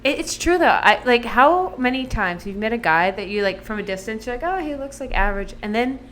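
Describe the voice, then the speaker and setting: A woman's voice: fairly high pitch, lively intonation, fairly quick, fairly bright tone, a little hiss or hum. A woman co-hosting a podcast in casual chat, talking loosely with lots of fillers while recovering from surgery and still on medication. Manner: chatty, lots of "like" fillers, laughs often. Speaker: podcast co-host.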